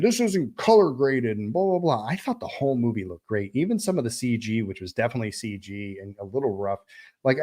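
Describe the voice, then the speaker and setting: A man's voice: lowish voice, a little mellow. A man hosting a live stream, chatting casually about a film, rambling with many fillers and restarts. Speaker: livestream host reviewing a film. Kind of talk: casual livestream chat.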